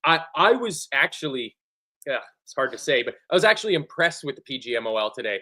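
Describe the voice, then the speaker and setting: A man co-hosting a football fan show in casual chat, animated and sweary, often acting out other people's lines. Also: mid-range voice, quick pace. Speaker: football podcast co-host.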